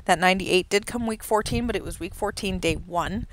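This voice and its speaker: A woman calling simulated horse races from home, excited during the race and chatty and rambling between races. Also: medium pitch, a little fast, no room sound. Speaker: race caller and host of a horse racing simulation show. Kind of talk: horse race commentary and casual chat. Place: home, with a dog nearby.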